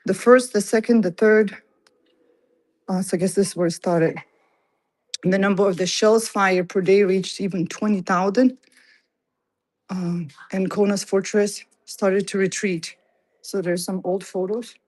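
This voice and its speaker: A woman's voice: mid-range voice, fairly even intonation, measured pace, long pauses, darkish tone, poor audio. A woman streams a walk-through of an old fort museum indoors, a little out of breath. She reads the display cards aloud and chats to her viewers between exhibits. Her voice comes through a handheld phone mic. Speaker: livestream host. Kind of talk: casual livestream museum tour.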